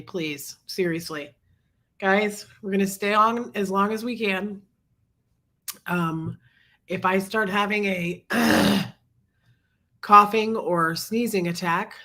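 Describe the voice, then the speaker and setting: A sick, congested woman hosting a casual livestream, chatting and greeting viewers by name between coughs. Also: bright, forceful tone. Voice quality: low husky sick voice. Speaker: livestream host.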